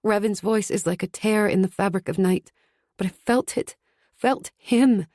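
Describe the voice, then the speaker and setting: A woman's voice: mid-range voice, normal speed, warm tone, no echo, clean studio sound. A woman narrating a fantasy audiobook in the first person, tense and urgent. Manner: tense, urgent inner monologue.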